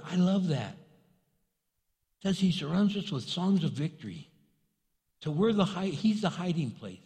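Animated male pastor preaching in a hall. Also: sits high. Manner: conversational, animated, acts out quotes. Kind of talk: sermon. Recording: long reverb in a large hall.

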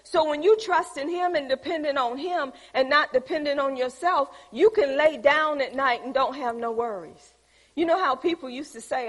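An older woman, preaching a sermon as lively storytelling, acting out the voices she quotes. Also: sits high. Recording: echoey hall.

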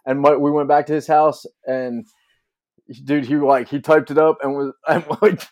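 A man's voice: fairly high pitch, little pitch movement, normal speed, darkish tone. A man in casual chat with friends, laid-back, often repeating himself and dropping yep and dude.

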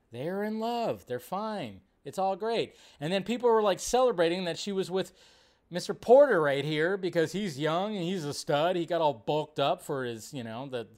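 A man hosting a live stream in casual commentary, animated, swearing freely and mocking others in exaggerated voices. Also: sits high. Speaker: show host.

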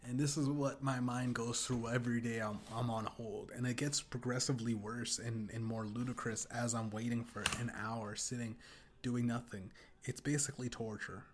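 A man's voice: mid-range voice, flat delivery, moderate pace, slight background noise. A young man with an everyday mid-range voice, talking loosely on a podcast. He rambles through crude stories, restarts his sentences and breaks into laughter often. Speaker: podcast host. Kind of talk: casual podcast rant.

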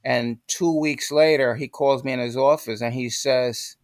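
A man's voice: mid-range voice, unhurried, dry recording, studio quality. An older man, a guest in an interview, telling stories animatedly and acting out the voices he quotes. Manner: animated storyteller who acts out quoted voices. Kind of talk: storytelling in a podcast interview.

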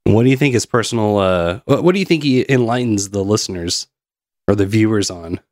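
A man's voice: on the low side, expressive, brisk, darkish tone, dry recording, clean studio sound. A man hosting a casual podcast, reading out chat messages and joking around. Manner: laughs often, loose and joking. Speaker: podcast host.

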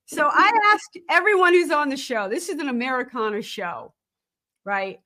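A woman's voice: high-pitched, very animated, moderate pace, sharp tone. A woman hosting a music podcast, speaking with enthusiasm and steering the conversation toward songwriting. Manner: enthusiastic, encouraging, steers the talk. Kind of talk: casual interview.

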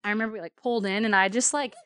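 A woman's voice: mid-range voice, fairly even intonation, very fast, fairly bright tone, clear, resonant tone, no echo, studio quality. A woman telling a travel story in a casual, chatty way, full of fillers and laughter.

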